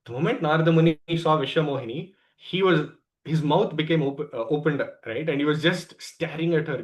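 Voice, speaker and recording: A man with an Indian English accent, speaking in a slightly raised pitch, leads a devotional scripture class. He tells the story in a lively way and keeps checking in with his listeners. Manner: lively storyteller, tags lines with "right?".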